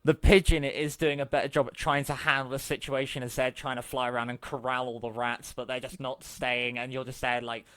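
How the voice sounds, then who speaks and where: Man, game master, middle pitch, dry close sound. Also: little pitch movement, fairly quick, few pauses, fairly bright tone, smooth, no room sound. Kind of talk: narrating a tabletop game.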